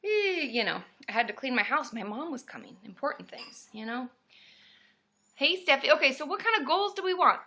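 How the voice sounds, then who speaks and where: A woman therapist hosting a casual live stream from a room at home, greeting viewers by name and breaking into loud cheers. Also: high-pitched, sing-song, normal speed, slight background noise.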